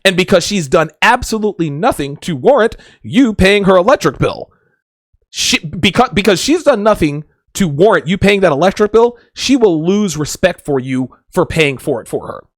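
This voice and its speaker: A man's voice: high voice, expressive, moderate pace, dry recording, studio quality. A man hosting a podcast, giving dating advice in a blunt, joking, casual monologue with frequent swearing. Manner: acts out quoted voices. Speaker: podcast host.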